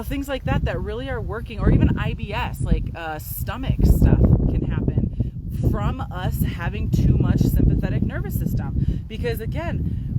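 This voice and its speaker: A woman, a naturopathic doctor, chatting casually to a handheld phone camera outdoors on a windy day, full of fillers and "right?" tags. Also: a little high. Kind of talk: casual health talk to camera.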